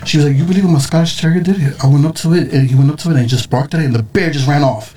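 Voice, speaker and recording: A man hosting a casual podcast talks at a quick clip, piling up asides as he tells a story. Faint room ambience sits behind his voice. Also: on the high side, slight background noise. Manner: animated storyteller, quick and chatty. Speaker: podcast host. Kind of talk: casual chat.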